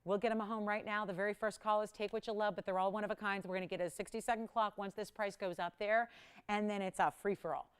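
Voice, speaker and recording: A woman hosting a live jewelry shopping broadcast, pitching pieces in a rapid, upbeat sales patter. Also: steady tone, clean tone. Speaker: shopping channel host.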